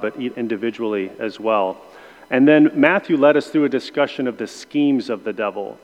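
A man leading a church Bible class in a conversational way, with many pauses and restarts. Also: medium pitch. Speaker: Sunday school teacher. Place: church room. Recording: long hall reverb.

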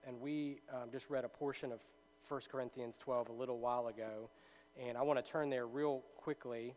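A man's voice: mid-range voice, fairly even intonation, moderate pace, darkish tone, lo-fi sound. A man teaching a Bible study in a loose, conversational way, reading passages aloud and checking in with his listeners. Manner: conversational, with many fillers and tag questions.

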